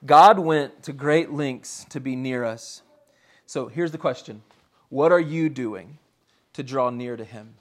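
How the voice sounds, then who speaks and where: A man's voice: medium pitch, takes it slowly. A man preaching a sermon in an earnest, conversational way, repeating key phrases for emphasis. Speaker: pastor.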